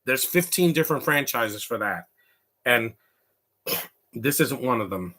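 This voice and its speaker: A man giving a casual live commentary over a comedy film, rambling through asides, laughing often and reacting loudly to what is on screen. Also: expressive, measured pace. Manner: reacts loudly to the film, quoting lines in a high voice.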